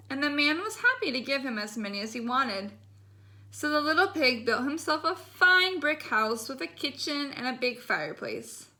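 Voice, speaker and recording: A woman reading a bedtime story aloud in a gentle, expressive way. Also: high voice.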